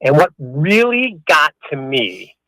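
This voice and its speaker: A man's voice: a little high, very animated, slow pace, sharp tone, no room sound. A man calling into a radio show, mocking and sarcastic in tone, heard over a phone line. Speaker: caller. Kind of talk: sarcastic call-in phone talk.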